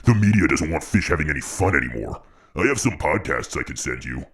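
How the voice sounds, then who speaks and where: A woman's voice: very deep voice, animated, fairly quick, breathy edge, voice pushed down, heavily acted. A woman voicing a jaded, laid-back male fish who talks like a slacker dude, in a comedy sketch.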